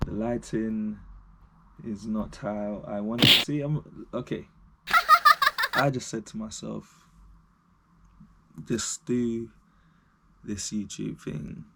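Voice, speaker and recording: A man's voice: fairly low pitch, fairly even intonation, takes it slowly, vocal fry, long pauses, heavy background noise. A man vlogging to camera, talking unscripted in a reflective, rambling way and laughing at himself.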